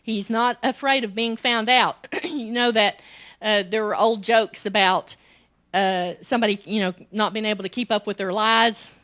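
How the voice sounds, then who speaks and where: A woman's voice: steady tone, normal speed, a bit bright. A woman, delivering a sermon at a women's conference, telling personal stories and acting out the voices in them. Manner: storytelling, acts out quoted child and self in high pitch. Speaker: women's ministry director, conference speaker.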